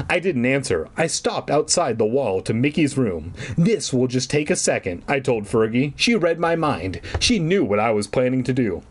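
A man reading a children's horror book aloud, breaking off for irreverent, swearing jokes. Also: medium pitch. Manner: irreverent, swearing, joking asides. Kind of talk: comedic book reading with asides.

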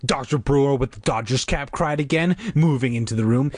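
A man's voice: mid-range voice, brisk, few pauses, slightly rough, no room sound, clean studio sound. A man reading a children's horror book aloud casually, putting on voices and joking between lines. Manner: reads aloud with exaggerated character voices and joking asides. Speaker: amateur reader.

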